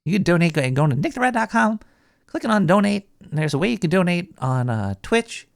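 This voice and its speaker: A man's voice: high-pitched, big pitch swings, a little fast, gravelly, dry recording, clean studio sound, exaggerated voice. A man playing a paranoid male cartoon rat who hosts a call-in radio show, rambling with lots of restarts.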